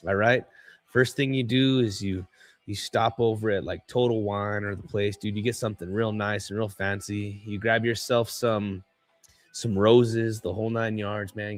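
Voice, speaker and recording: A man's voice: fairly low pitch, fairly even intonation, moderate pace. A man hosting a live trading stream, talking in a loose, laid-back way and filling his talk with "dude" and "man". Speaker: livestream trading host. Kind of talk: casual livestream chat.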